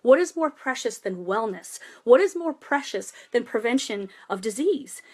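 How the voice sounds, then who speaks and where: A woman's voice: on the high side, expressive, moderate pace, darkish tone. A woman giving a passionate, rambling political monologue in a vlog. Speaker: vlogger and protester.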